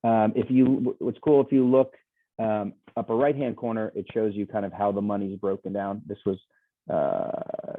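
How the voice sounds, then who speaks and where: A man's voice: on the low side, dry recording. A man giving a casual, enthusiastic sales presentation as a guest speaker, rambling with frequent restarts, heard over a video call. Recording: tinny phone-like video call audio, dry.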